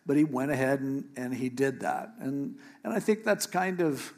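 A man preaching a sermon, retelling a scripture story in a lively, joking way with paraphrased dialogue. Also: mid-range voice, moderate pace. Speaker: pastor.

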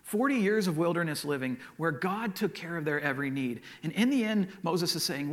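A man preaching a sermon, his voice a bit high for a man. He tells stories along the way and often repeats his words as he goes. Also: lively intonation, a little fast, few pauses. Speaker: pastor.

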